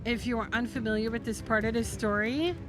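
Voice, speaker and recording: A woman's voice: a little high, steady tone, a little fast, music in the background. Chatty young woman streaming a game. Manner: chatty and earnest, talking to her viewers. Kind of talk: casual live-stream chat.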